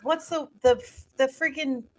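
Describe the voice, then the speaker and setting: A woman co-hosts a podcast in a casual chat, her high voice steady, unhurried, and darkish in tone. She rambles, searching for words as she goes and using many fillers.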